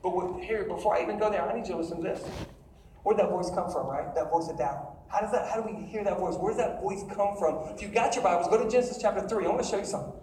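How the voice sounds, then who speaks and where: A man's voice: high-pitched, quick pace, darkish tone, distant mic, a little hiss or hum. Man preaching to a crowd in an echoey room. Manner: emphatic, calls out to the crowd with questions. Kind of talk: sermon. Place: large room with an audience.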